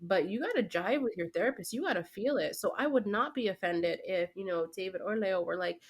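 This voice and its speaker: A woman's voice: medium pitch, fairly quick, slightly rough. A young woman, a teacher and guest, talking in casual conversation and often filling with "like" and "right?". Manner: animated, heavy fillers like "like" and "right?".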